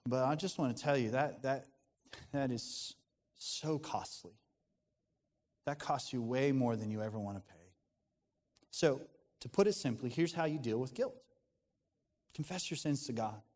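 Male pastor, earnest sermon, middle-pitched voice, conversational delivery, long echo of a church hall. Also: a little slow, pauses often, darkish tone. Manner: earnest, conversational preaching with frequent restarts.

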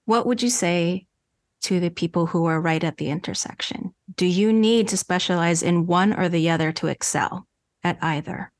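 Woman asking a polite question, lowish voice, dry sound. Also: normal speed, no room sound. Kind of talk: panel question.

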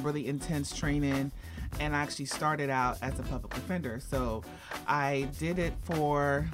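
A woman attorney from Ohio, a radio show guest, telling her story casually with many fillers and restarts. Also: deep voice. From Ohio, United States.

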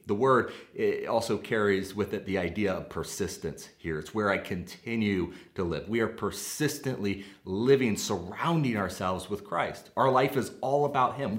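A man with a Midwestern American accent delivers a sermon in a low, steady voice. He preaches earnestly and slows down on the phrases he wants to stress. His voice carries the echo of a roomy space. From Midwestern United States. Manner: earnest, measured preaching with slowed emphatic phrases. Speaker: pastor.

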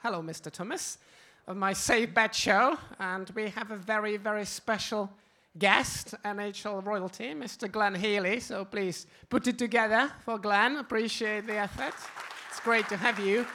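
A man's voice: sits high, steady tone, normal speed, pushed and bright. A man with a non-native English accent hosting a live panel in an event hall, wry and self-deprecating. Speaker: host.

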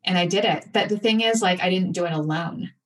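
A woman guest in an interview, telling a personal story candidly and with animated, acted-out asides. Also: fairly low pitch, fairly quick, distant mic. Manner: candid, animated retelling with acted-out inner voices.

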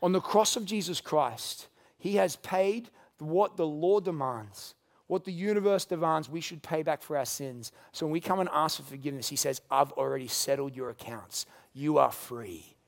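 A man preaching a sermon, swinging between loud emphatic lines and hushed quiet ones. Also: fairly high pitch, moderate pace. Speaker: pastor.

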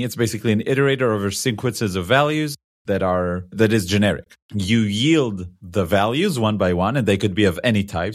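A man co-hosting a casual tech podcast, talking in a conversational, opinionated way and laughing easily. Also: on the low side. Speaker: podcast co-host.

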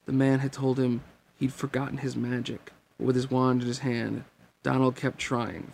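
A man reading a novel chapter aloud as an amateur audiobook. His voice sits at a middling pitch with a noticeable gravelly rasp, and a faint noise runs underneath. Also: level tone, normal speed, a little mellow. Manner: plain storytelling narration. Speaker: reader.

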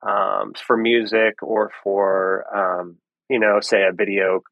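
A man guest on a podcast, explaining in a relaxed way with frequent ums and restarts. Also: fairly low pitch, slow pace, no room sound, phone-quality sound. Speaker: lighting guest. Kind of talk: casual podcast interview.

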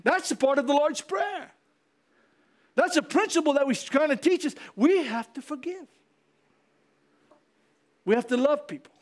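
A man preaching a fiery sermon as pastor, repeating himself and calling out to the congregation. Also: extremely high pitch.

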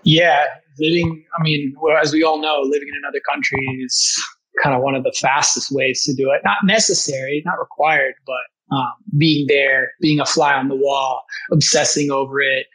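A man's voice: fairly high pitch, steady tone, normal speed, fairly bright tone, breathy edge, poor audio. A man speaking as a guest language teacher, telling a story in casual conversation with enthusiasm and frequent restarts. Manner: enthusiastic, many restarts, acts out quoted voices.

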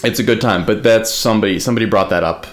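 A man's voice: lowish voice, very fast, noisy background. A man co-hosting a podcast in casual chat, rambling with lots of fillers and the odd swear. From United States. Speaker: podcast co-host.

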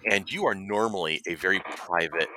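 A man's voice: low-pitched, fairly quick, bright, forceful tone. A man co-hosting a casual podcast, joking around, laughing often and stumbling over repeated words. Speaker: podcast co-host.

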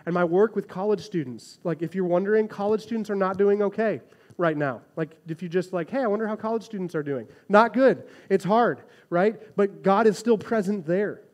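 A man in his thirties preaching a sermon in a lively, conversational way, often checking in with "right?". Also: high-pitched. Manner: animated, conversational preaching with frequent "right?" asides. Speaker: pastor.

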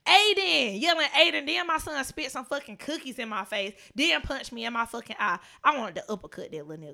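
Bright-voiced woman telling wild stories. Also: on the high side, brisk, vocal fry. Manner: animated, profane storytelling with frequent laughter. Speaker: podcast co-host. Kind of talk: casual podcast storytelling.

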